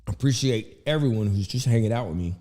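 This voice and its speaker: A man's voice: on the low side, fast talker, warm tone, long reverb tail. Chatty man commentating a fight from home. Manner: rambling, chatty, talks while chewing food. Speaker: livestream host and fight commentator. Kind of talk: casual live fight commentary and chat. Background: background music.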